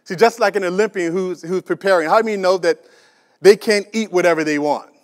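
A male pastor preaching a sermon who has his congregation repeat key phrases and builds in intensity as he makes his points. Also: brisk. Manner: builds in volume and pitch as he presses a point.

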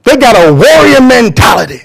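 A man's voice: extremely high pitch, big pitch swings, normal speed, creaky. A man preaching a sermon to a church congregation, emphatic and drawing call-and-response from the crowd. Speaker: pastor.

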